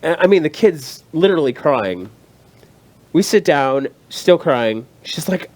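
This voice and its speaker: A man's voice: on the high side, lively intonation, a little slow, darkish tone. A man in his thirties, co-hosting a casual chat show and telling a story while acting out the people in it. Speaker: co-host.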